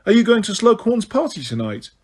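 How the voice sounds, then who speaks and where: A man with a husky voice voicing a clever, prim teenage witch girl in an audiobook reading, crisp and emphatic. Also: sits high, big pitch swings, brisk, voice pushed up, heavily acted. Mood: sweetly smug.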